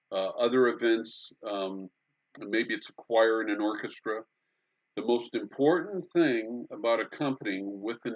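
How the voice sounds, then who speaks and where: Low-voiced man giving a halting music lecture. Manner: halting, with many fillers and sung beats. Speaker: music instructor. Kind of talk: recorded conducting lecture. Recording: dull lo-fi lecture recording.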